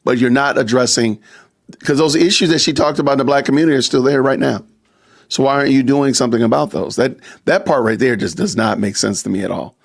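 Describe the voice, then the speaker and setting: In a creaky, mid-range voice at a quick pace, a man hosts a casual live-stream podcast, reading viewer comments and super chats aloud. He's chatty, laughing often and tossing in asides.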